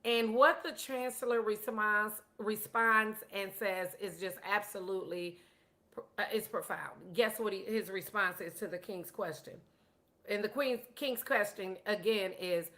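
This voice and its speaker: A woman's voice: mid-range voice, a little slow, a bit bright. A woman giving a casual storytelling lesson on money, chatty and self-deprecating, often repeating words. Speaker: teacher of a personal finance course.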